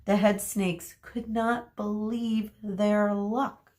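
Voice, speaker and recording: A woman teacher reading a chapter book aloud to children, expressive and addressing them directly. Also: mid-range voice, extremely slow.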